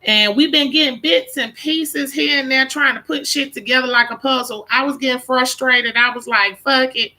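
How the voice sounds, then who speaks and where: A woman's voice: sits high, steady tone, normal speed, few pauses, sharp tone. A woman hosting a casual live stream, greeting viewers by name, blunt and profane.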